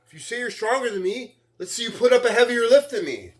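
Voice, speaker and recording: A man's voice: very high voice, animated, quick pace, a bit bright, roomy sound. A man in a casual vlog rant, boastful and taunting, who keeps tagging his sentences with "right?" and "man". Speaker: weightlifting vlogger.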